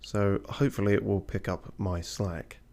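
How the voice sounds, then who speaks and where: A man casually commenting while streaming a game, dry and self-mocking with frequent pauses and fillers. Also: fairly low pitch, fairly even intonation, darkish tone. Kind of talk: casual let's-play commentary.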